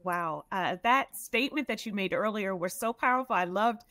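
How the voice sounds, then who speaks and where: A woman's voice: medium pitch, moderate pace, a bit bright, dry recording. A woman hosting an interview, affirming her guest's story with small fillers. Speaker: host. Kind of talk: interview host reaction.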